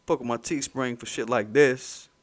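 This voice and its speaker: A man's voice: medium pitch, fairly even intonation, moderate pace. A man hosting his own commentary channel, ranting in a heated, mocking, profane way and repeating points for emphasis.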